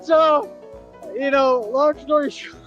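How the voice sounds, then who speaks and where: A woman with a very high voice giggles through nearly every line and speaks slowly. The recording is dull and lo-fi. Music plays in the background.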